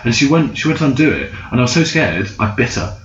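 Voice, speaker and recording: A man's voice: mid-range voice, very animated, fast. A young man casually telling a long, sweary anecdote as a guest in a chat. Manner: rambling, swearing anecdotal storyteller. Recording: roomy, slightly dull sound.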